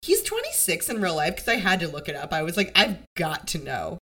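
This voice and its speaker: Woman podcast co-host, bright tone, fairly low-pitched, animated casual recap chat. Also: a little fast, slightly rough. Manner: animated, acts out characters' lines, swears.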